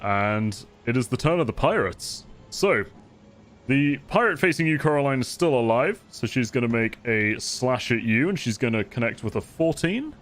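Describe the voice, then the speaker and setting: A man's voice: medium pitch, normal speed. Man narrating as game master. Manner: relaxed, chuckling narration.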